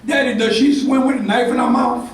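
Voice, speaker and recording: A man's voice: very high-pitched, heavy reverb, recorded from a distance, a little hiss or hum, voice pushed up, poor audio. A man voicing an eager, curious young boy of about nine who asks questions in a rush. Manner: excited rapid questions.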